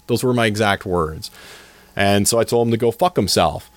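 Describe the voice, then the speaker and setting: Man in his forties, low voice, dry close sound, profane rambling storyteller, casual podcast chat. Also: moderate pace, no room sound. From Eastern Washington, USA. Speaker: podcast co-host.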